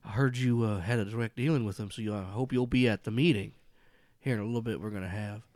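A man voicing a genial, soft-spoken old man with a quiet menace behind the friendliness, in a tabletop game podcast. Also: fairly low pitch, fast talker, no echo, clean studio sound, natural voice. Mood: friendly.

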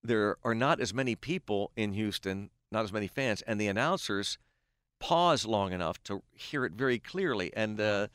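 Animated middle-aged man telling a story. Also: on the low side, normal speed, clean tone, no echo, studio quality. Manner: animated storyteller who acts out quoted dialogue. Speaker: guest, baseball play-by-play announcer. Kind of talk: casual podcast storytelling.

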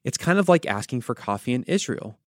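Pastor telling a story, dry sound. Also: male voice, mid-range voice, very animated, a little fast, no echo. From United States. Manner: conversational storytelling with wry asides. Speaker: pastor and podcast host. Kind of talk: devotional podcast teaching.

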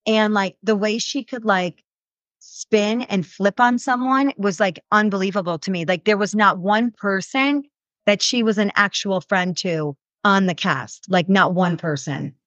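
A woman in her thirties, a reality show cast member, answering interview questions in casual, animated speech full of "like" fillers. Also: mid-range voice, a little slow, no room sound. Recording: dull lo-fi sound.

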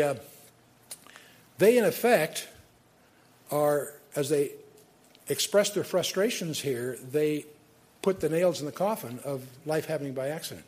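Husky older man teaching Bible study. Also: on the high side. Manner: conversational, digressive, frequent restarts and fillers. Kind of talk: lecture-style Bible teaching.

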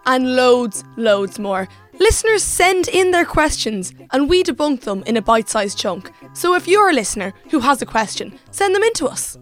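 A woman co-hosting a casual podcast, bubbly and quick to laugh. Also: high voice, sing-song, soft background music. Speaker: podcast co-host.

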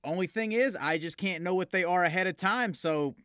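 A man's voice: high voice, fairly quick, a bit bright, no room sound, clean studio sound. A man hosting a podcast, with friendly, encouraging, casual interview chat. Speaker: podcast host.

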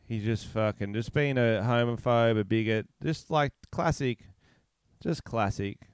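A man rambles through crude jokes as a podcast co-host, in a smooth, clear voice. The sound is dry and close, as if recorded over a remote call. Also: mid-range voice, measured pace, no echo. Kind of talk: crude casual banter. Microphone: remote call mic.

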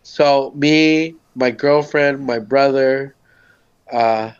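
A man's voice: medium pitch, drawn-out words, clean tone, muffled recording. A man from the Southwest US, a podcast guest telling a rambling story in casual chat. He leans heavily on "like", swears freely and acts out the quotes. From Socorro, US Southwest.

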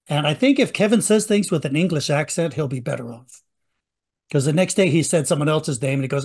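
A man's voice: a little high, lively intonation, fast, breathy edge. A man hosting a podcast, chatting casually and joking as he introduces old radio clips. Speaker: podcast host. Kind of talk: casual recap chat.

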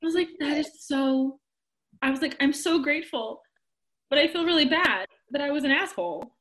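A woman chatting casually, telling a story in an animated way, acting out quotes and laughing often. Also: high voice, normal speed. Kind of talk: casual chat.

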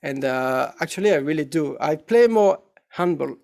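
This is a man with a French accent answering questions in English, a native French speaker. His voice is gravelly and sits a little high. He hesitates often and searches for the right words. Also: lively intonation, moderate pace, darkish tone. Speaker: actor guest. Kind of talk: casual interview answers.

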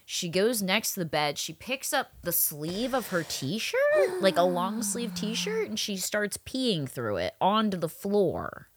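A woman's voice: medium pitch, huge pitch swings, slow pace, few pauses, slightly rough. A woman co-hosting a podcast, chatting casually and telling profane stories with lots of quoted voices. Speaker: podcast co-host. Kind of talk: casual chat.

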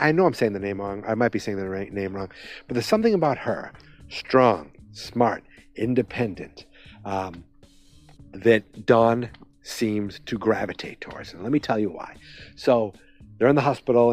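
A man casually recapping a TV episode, rambling and animated, with lots of fillers and restarts. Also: lowish voice.

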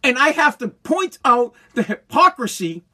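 A man's voice: very high voice, sing-song, unhurried, sharp tone. A man hosting his own podcast from his basement, ranting in a heated, profane way with frequent stumbles and repeated words. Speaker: podcast host. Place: home basement.

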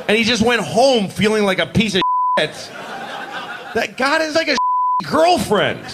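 A man performing a stand-up comedy routine, mocking and animated, acting out characters in changing voices. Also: sits high, moderate pace. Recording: live club clip with crowd laughter and noise.

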